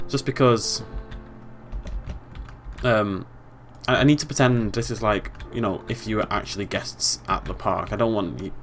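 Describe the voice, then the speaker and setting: A man's voice: lowish voice, normal speed, fairly bright tone, soft background music. A young British man giving casual, chatty let's play commentary, playfully talking to the game animals.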